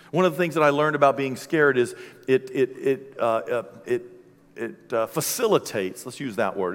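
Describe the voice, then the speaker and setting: A man preaching a sermon, telling stories with lively energy and shouting out the lines he acts out. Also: medium pitch. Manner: animated storytelling, shouting acted-out quotes. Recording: long hall reverb.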